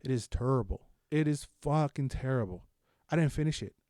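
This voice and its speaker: A young man co-hosting a podcast, chatting casually about shows with lots of swearing and animated storytelling. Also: medium pitch, fairly quick, no room sound, studio quality. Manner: animated, profane, loud bursts of laughter-filled storytelling. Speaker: podcast co-host. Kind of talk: casual chat, reviewing shows.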